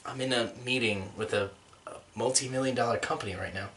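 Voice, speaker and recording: A man's voice: medium pitch, fast, far from the mic, voice pushed down, natural voice. A man doing a bored rich heir. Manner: flat, curt, bored. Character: aloof rich young heir in a parody sketch. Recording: roomy echo.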